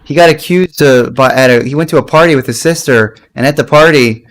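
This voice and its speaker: A man's voice: medium pitch, brisk. A young man chatting casually on a stream, rambling with many restarts and laughing often. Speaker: streamer co-host. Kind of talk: casual chat.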